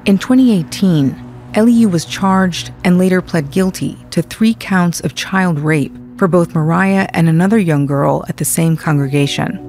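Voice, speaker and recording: A woman reading the scripted narration of a documentary in a measured, even way. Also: on the low side. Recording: faint music underneath.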